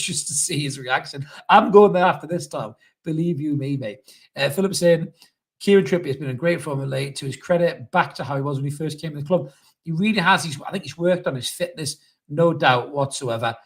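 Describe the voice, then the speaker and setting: A man hosting a live football reaction stream, reading viewer comments with excitable, sweary banter. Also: mid-range voice. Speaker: fan channel host reading live comments.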